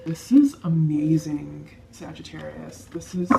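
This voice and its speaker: A woman giving a tarot card reading to her viewers, soft-spoken, emotional and reassuring. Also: sits low, steady tone, a little slow, creaky, over loud music. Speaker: tarot reader.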